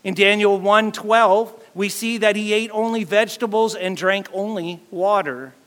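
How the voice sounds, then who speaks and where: A man preaching a sermon as pastor, animated and acting out quotes to his congregation. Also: high-pitched, unhurried, in a large hall.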